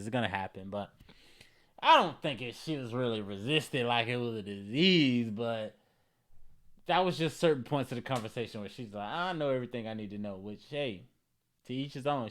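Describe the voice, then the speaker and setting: A man hosts a comedy vlog, reading viewer comments aloud and firing back slangy, animated reactions with bursts of mock outrage, his voice at medium pitch.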